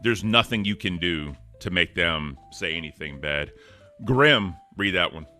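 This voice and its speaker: A man co-hosting a casual livestream chat in a deep voice, upbeat and thanking chat members by name. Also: lively intonation, a little slow, pushed and bright, soft background music. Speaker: co-host.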